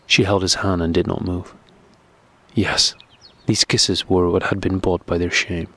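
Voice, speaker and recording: A man narrating a classic novel audiobook in a steady, measured reading. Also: low voice, slightly rough.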